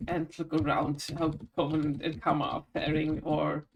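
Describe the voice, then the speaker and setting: A woman's voice: low-pitched, flat delivery, moderate pace, creaky, dull audio, slight background noise. Woman playing a tabletop game. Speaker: player. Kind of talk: casual tabletop role-play.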